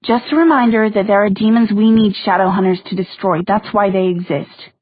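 A woman's voice: medium pitch, fairly even intonation, brisk, no room sound, lightly acted. A woman voicing a cool young vampire girl in a matter-of-fact tone. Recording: thin phone-like sound, dry.

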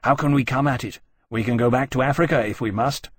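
A man reading a large, earnest male dragon in a soft, slow, grave voice for an audiobook. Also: mid-range voice, fairly even intonation, close to an everyday voice. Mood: defiant. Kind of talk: audiobook character voice.

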